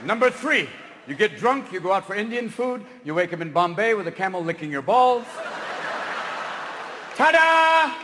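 A man from California doing a live stand-up routine on stage, talking manically and shouting as he jumps between silly voices. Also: high-pitched, expressive, brisk, a faint crowd, slight background noise. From Marin County, California, USA. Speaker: stand-up comedian. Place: stage in a large theater. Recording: reverberant live hall with ambience.

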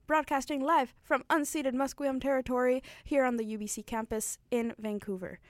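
A young woman who grew up in Argentina, a Spanish speaker, hosting a casual campus radio chat, talking in an animated way, laughing often and saying "like" a lot. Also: high-pitched, moderate pace, hardly any pauses, no echo, clean studio sound. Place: radio studio.

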